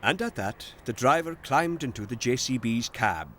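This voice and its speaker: A man's voice: medium pitch, animated, normal speed, bright, forceful tone, a little hiss or hum. Man narrating a children's story.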